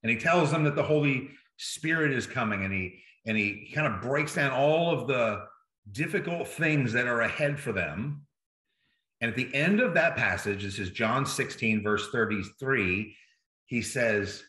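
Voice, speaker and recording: A man's voice: medium pitch, expressive, unhurried, sharp tone, reverberant. A man preaching a sermon as a pastor, in a conversational way that keeps checking in with the listeners. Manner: conversational, checks in with "right?" and "okay?".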